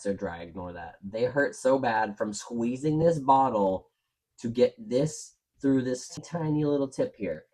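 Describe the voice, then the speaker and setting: Man, hands-on craft host, casual and candid, mid-pitched voice, explains as he works. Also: mellow. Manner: chatty, frank, talks to viewers while working. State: out of breath. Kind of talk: casual step-by-step craft demo.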